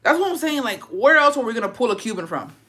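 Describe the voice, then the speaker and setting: A woman's voice: a little high, big pitch swings, quick pace, bright, forceful tone, slightly rough. A young woman hosting a casual gossip chat, ranting with plenty of swearing and rhetorical questions. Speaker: host.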